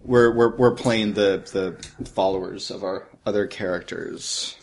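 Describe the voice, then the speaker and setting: A man's voice: deep voice, a little slow, vocal fry, slight background noise. A man chatting casually as a player in a tabletop game podcast. He rambles and laughs as he goes, full of jokes. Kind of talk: casual chat.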